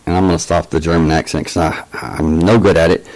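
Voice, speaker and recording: A man's voice: low voice, level tone, normal speed, darkish tone, rough recording. A man casually telling a personal story as a channel host, hesitant, with many fillers and restarts.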